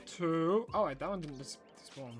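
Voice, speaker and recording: A man streaming a game, telling stories to his chat in a casual, animated way that breaks into laughter. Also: a little high, normal speed, faint music behind. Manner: animated storytelling, bursts of laughter.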